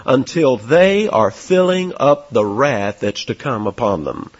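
A man preaching an expository sermon, stressing words hard and dropping to a near hush for effect. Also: mid-range voice, sing-song, measured pace, hardly any pauses, lo-fi sound. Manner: emphatic, swings between loud and soft for stress. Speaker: pastor.

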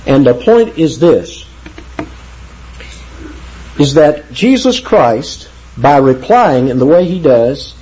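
A man teaching the Bible verse by verse in an emphatic way, slowing down to read scripture aloud. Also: fairly high pitch, lively intonation, mellow, slightly rough. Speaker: preacher. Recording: dull lo-fi sound.

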